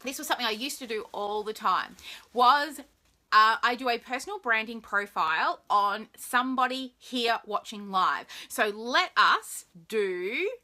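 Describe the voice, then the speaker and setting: A woman's voice: on the high side, measured pace, sharp tone. An Australian woman hosting a live stream, chatting casually and greeting viewers by name in a bubbly way.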